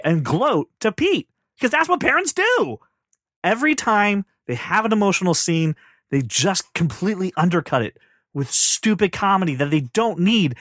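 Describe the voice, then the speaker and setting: A fairly high, lively male voice that swings widely in pitch as he rants. He acts out the scenes he describes. The sound is close and dry. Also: brisk, dry recording. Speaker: podcast co-host. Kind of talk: casual movie review chat.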